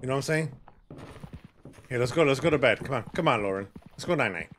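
A man streaming a horror game live, talking to his co-player and yelping and shouting in panic. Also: mid-range voice, fast talker, a little hiss or hum. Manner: excitable, yelps and shouts in panic. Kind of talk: live gameplay commentary.

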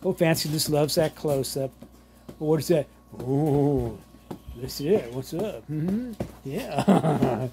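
Man filming at home on a handheld camera, unhurried, fond baby talk to his dogs. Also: on the high side, expressive, background noise. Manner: slow, drawling, doting, laughs often. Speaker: vlogger showing his dogs. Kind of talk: casual home vlog, talking to pets. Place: home living room.

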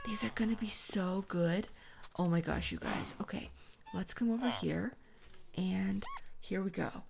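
A woman hosting a gaming channel, giving soft whispered ASMR commentary as she plays and chats to the game's animals. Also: mid-range voice, slow pace, vocal fry, noisy background. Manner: soft whispering, chatty asides to the game animals.

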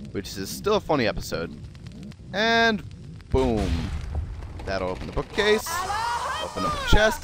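Over some background noise, a South Jersey gamer with a voice on the high side delivers casual let's play commentary. He talks a lot, leans sarcastic, and swears offhandedly.

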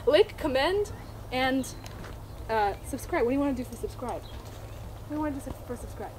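A woman's voice: high voice, animated, unhurried, long pauses, slight background noise. A woman vlogging outdoors with her horse, talking to it playfully and giggling between lines, picked up by a camera mic a few steps away. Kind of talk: casual vlog talk to her horse and viewers.

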